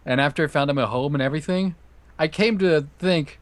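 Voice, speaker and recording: A man's voice: fairly high pitch, brisk, no room sound. A man chatting casually as a guest player, easygoing and laughing between remarks. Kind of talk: casual chat while gaming.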